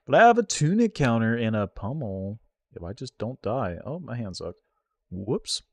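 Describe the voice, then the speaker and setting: A man streaming himself playing an online card game, reacting out loud with yelps and groans and talking to his viewers. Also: medium pitch, normal speed, husky, no echo. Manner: excitable, groans and yelps at the game, talks to chat. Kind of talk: live gameplay commentary.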